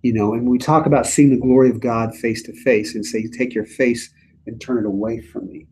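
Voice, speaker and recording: A man's voice: medium pitch, steady tone, brisk, warm tone, a little hiss or hum. A man leading a church Bible study, reading scripture aloud and then paraphrasing it earnestly in his own words. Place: church meeting room.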